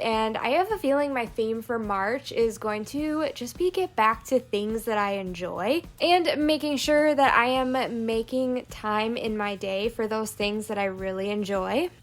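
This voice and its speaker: A woman narrating a plan-with-me planner video, calmly explaining each crafting step. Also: a little high, unhurried, few pauses. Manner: calm step-by-step crafting walkthrough. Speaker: planner vlogger. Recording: soft background music.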